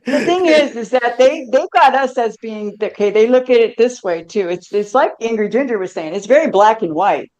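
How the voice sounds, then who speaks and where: A woman speaking earnestly on a casual podcast, laying out her point step by step. She chimes in often with quick agreement. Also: a little high, animated, darkish tone.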